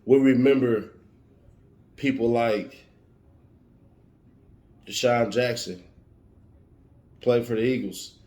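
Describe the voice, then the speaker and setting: A man's voice: medium pitch, slow pace, long pauses, a little mellow. A man giving an emphatic motivational monologue, warning and repeating his points like a preacher. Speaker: motivational speaker. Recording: roomy echo.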